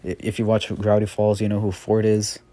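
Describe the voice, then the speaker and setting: Man telling a casual story, low, mellow, rambling with many fillers. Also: completely flat delivery, fairly quick. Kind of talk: casual fan story narration.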